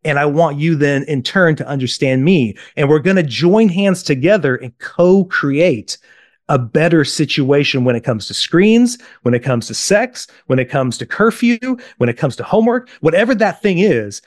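A man's voice: a little high, dry recording, studio quality. A man talking as a parenting coach in an interview, telling stories animatedly, acting out quotes and often checking in with "right?". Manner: animated storyteller, acts out quotes, keeps asking "right?". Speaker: parenting coach, podcast guest. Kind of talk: interview talk with anecdotes.

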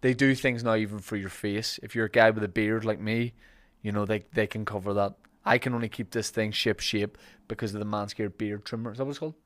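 A man with a Northern Irish accent hosts a podcast, reading ads and joking with guests as he rambles and laughs often. His voice sits lowish with a fairly bright tone and fairly even intonation, and he talks fairly quickly with hardly any pauses.

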